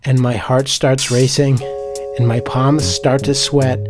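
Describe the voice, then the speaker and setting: A man's voice: medium pitch, flat delivery, takes it slowly, music in the background. A man who is a teacher, telling a personal story in a theatrical, vivid way.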